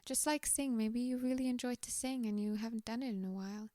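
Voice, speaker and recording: A woman with a slightly tired voice giving a gentle, reassuring pick-a-card tarot reading, often dropping to a whisper. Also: a little high, brisk, dry recording.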